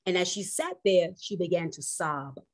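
Preaching with animation, this woman pastor has a voice on the low side. One moment she exclaims loudly; the next she drops to a slow, hushed emphasis.

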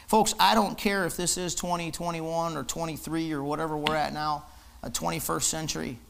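A man's voice: a little high, brisk, gravelly, a bit bright. A man preaching a fiery, emphatic sermon in church, hammering his points with repetition. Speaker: pastor.

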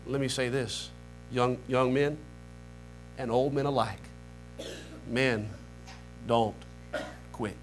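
A man preaching a sermon as pastor, with quiet prayer passages and rising, emphatic build-ups. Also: fairly even intonation, slow, long pauses, soft background music. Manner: leads a quiet low prayer. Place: church sanctuary.

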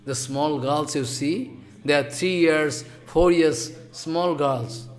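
A man giving an impassioned devotional sermon in English, scolding loudly one moment and dropping to hushed asides the next. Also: on the high side, takes it slowly, soft background music. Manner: impassioned, scolding, swings between loud outbursts and hushed asides; non-native English with broken grammar. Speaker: spiritual teacher.

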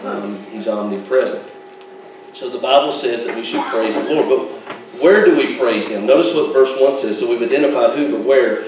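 A man's voice: mid-range voice, moderate pace, background noise. A man preaching a sermon as pastor, folksy and joking, with asides and laughs. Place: church sanctuary. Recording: echoey church hall, mic at a distance.

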